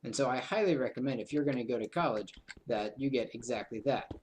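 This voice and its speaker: A man's voice: medium pitch, quick pace, darkish tone, a little hiss or hum. A young man in his twenties chatting through a game recording, rambling into self-mocking asides. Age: 20s. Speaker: gaming video host. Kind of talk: casual game commentary.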